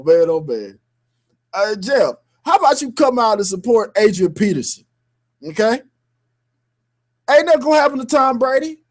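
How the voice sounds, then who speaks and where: A man co-hosting a sports radio show, ranting heatedly in slang-filled talk with bursts of laughter. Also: high voice.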